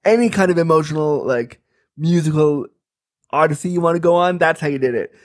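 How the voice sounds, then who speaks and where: A man's voice: fairly high pitch, fairly quick. A man in his thirties telling a comic personal story, candid and chatty, full of fillers. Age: 30s.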